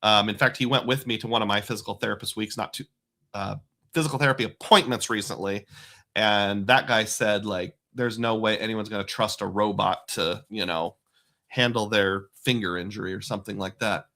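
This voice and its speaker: A man's voice: on the low side, steady tone, a little fast, bright, forceful tone. A middle-aged man hosting a casual live stream, reading viewer comments aloud and chatting back.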